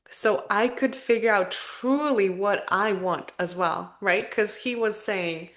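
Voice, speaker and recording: A woman's voice: mid-range voice, takes it slowly, fairly bright tone. A woman speaks openly and reflectively in casual podcast talk, with sighs and asides as she works through her thoughts. Her voice sits in a middle register. The recording has a noticeable roomy echo. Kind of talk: candid conversational podcast talk.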